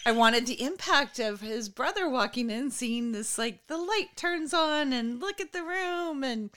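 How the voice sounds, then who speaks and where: A woman's voice: sits high, expressive, a little slow, a bit bright. A woman co-hosting a podcast in casual chat, talking in a reflective, agreeable way. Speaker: podcast co-host.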